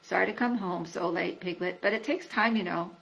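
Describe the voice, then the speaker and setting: A woman voicing a kindly, slow-witted male bear who talks in a mild, meandering way while reading a storybook aloud. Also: lowish voice, vocal fry, noisy background. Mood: musing.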